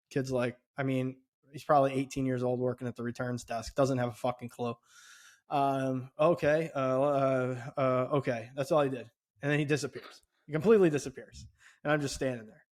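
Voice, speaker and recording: A middle-aged man co-hosting a podcast, telling a story casually with lots of swearing, his voice climbing sharply when he gets indignant. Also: mid-range voice. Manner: animated, swears often, voice rises when indignant. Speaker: podcast co-host.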